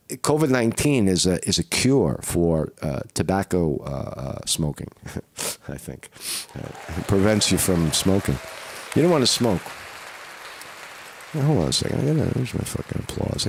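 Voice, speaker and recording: A hoarse man talking casually on a live stream, rambling with many fillers and restarts. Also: deep voice, no room sound. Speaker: vlogger doing a live at-home test.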